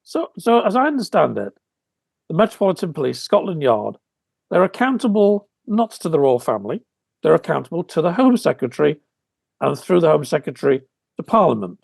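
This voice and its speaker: A male co-host asks measured, clarifying questions in a strongly gravelly, husky voice. His pitch is fairly high for a man and moves a lot. The sound is dry and close. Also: very animated, darkish tone, no room sound. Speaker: podcast co-host. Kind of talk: interview questions.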